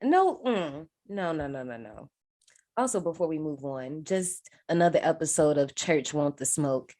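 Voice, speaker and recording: A woman's voice: low voice, lively intonation, measured pace, mellow. A woman casually recapping a horror movie on a podcast, swearing freely and acting out the characters' lines. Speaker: podcast co-host.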